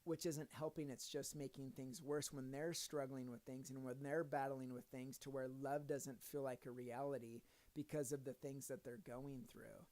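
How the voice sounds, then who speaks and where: A man's voice: medium pitch, flat delivery, normal speed, hardly any pauses, darkish tone. A man in his thirties or forties, a father, giving a casual devotional talk in an earnest storytelling manner with joking asides. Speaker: Christian video speaker.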